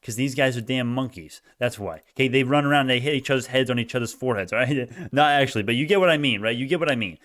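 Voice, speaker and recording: A man streaming live stock commentary, chatting with viewers, swinging between mumbled asides and loud cheering, arguing back at comments and laughing often. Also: medium pitch, quick pace, few pauses.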